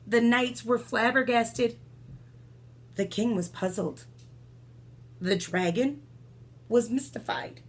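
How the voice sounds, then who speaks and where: Storyteller: woman, high voice, slow and expressive bedtime read-aloud with asides. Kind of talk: reading a picture book aloud.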